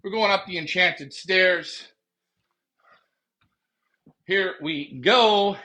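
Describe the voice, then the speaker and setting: Joking, high-voiced pigeon fancier. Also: male voice, slow pace, long pauses, sharp tone. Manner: joking, rambling, talks to viewers. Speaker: pigeon racing show host. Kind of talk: casual live-stream chat. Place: backyard pigeon loft, outdoors at night.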